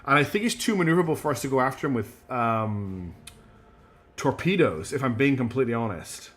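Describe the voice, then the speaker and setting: A man's voice: mid-range voice, animated, fairly quick, a bit bright. A man streaming a strategy game, chatty and self-deprecating, thinking aloud as he plays. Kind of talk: live gameplay commentary.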